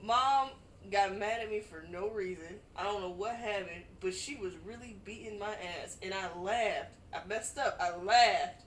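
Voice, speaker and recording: A woman's voice: mid-range voice, moderate pace, few pauses, recorded from a distance, slight background noise. A woman chatting casually with friends, laughing as she tells a story. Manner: laughs while telling her story. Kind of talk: casual chat. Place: at home with friends over wine. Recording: roomy, away from the mic.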